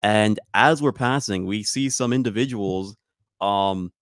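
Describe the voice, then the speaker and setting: A young man co-hosting a casual comedy podcast tells a story in a laid-back, self-correcting way. His voice sits low. The sound is dry and close to the mic. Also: a little slow, no room sound. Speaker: podcast co-host.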